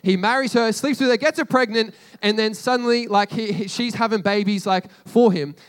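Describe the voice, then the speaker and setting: A man's voice: high-pitched, brisk, smooth. A man casually retelling a story to a group as a sermon, chatty and slangy, with frequent asides to his listeners.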